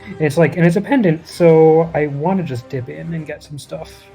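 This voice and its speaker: Mellow-voiced male racer, easygoing. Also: fairly high pitch, normal speed, creaky, breathy edge, faint music behind. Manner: relaxed, easygoing, hesitant. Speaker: racer being interviewed. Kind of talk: casual post-race interview.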